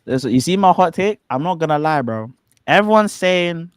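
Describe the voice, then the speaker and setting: On the high side and smooth, this Nigerian stream co-host talks at normal speed with no echo in casual chat. His storytelling is animated, full of laughter and plenty of "bro."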